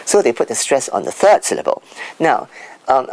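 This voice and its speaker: A man answering interview questions as an expert guest, teaching word stress by sounding out examples, with lively pitch swings. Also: fairly quick, low-quality recording.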